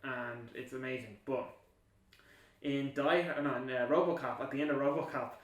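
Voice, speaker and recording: A man's voice: medium pitch, normal speed, far from the mic. A man hosting a casual film podcast, rambling and laughing as he talks. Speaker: podcast host. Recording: echoey room, off-mic.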